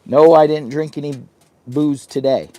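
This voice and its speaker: A man's voice: a little high, steady tone, unhurried, dark tone, no room sound. A man chatting on a live stream from a heated winter tent, rambling and laughing often at himself. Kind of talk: casual live-stream chat.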